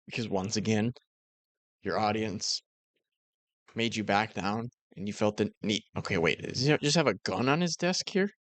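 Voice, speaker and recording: A commentary YouTuber with a lowish voice mocks another creator's video in casual, sarcastic fashion. The recording is dry.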